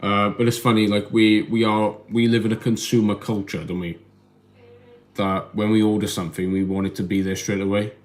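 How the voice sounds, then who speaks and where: A man talks into his phone on a casual live stream at home. His voice sits a bit low. He rambles, stumbles and repeats words as he answers his chat. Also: flat delivery, moderate pace. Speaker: livestream host reading chat.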